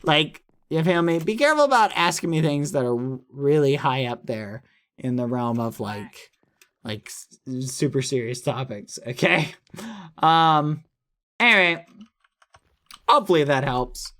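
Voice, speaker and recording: A man's voice: a little high, lively intonation, a little slow, fairly bright tone. A young man chatting on a late-night live stream, reassuring viewers in a rambling, apologetic way. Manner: reassuring, rambling, apologetic, reads chat and donations. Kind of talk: casual live-stream chat.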